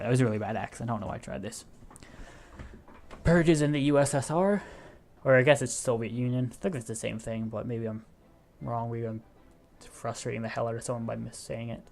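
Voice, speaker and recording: A man's voice: mid-range voice, darkish tone. A young man casually commentating his strategy game, thinking aloud and explaining as he clicks, often correcting himself. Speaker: gaming video host.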